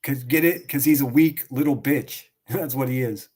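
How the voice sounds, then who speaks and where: A man's voice: medium pitch, normal speed, a little mellow. A man streaming and reacting to clips, ranting in a profane, mocking way and laughing sarcastically at his target.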